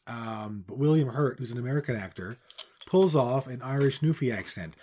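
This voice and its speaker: A middle-aged man from with its holds forth in loose podcast chat. His voice is dark and mellow, and he rants bluntly, swearing freely as he goes. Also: medium pitch, normal speed. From Newfoundland, Canada. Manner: blunt, profane ranting. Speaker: podcast co-host. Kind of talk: casual chat.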